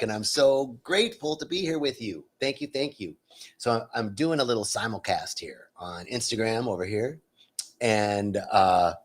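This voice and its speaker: An enthusiastic man talks casually to his live stream audience, greeting viewers warmly by name. His voice sits at an ordinary middle pitch. He streams from a retreat center.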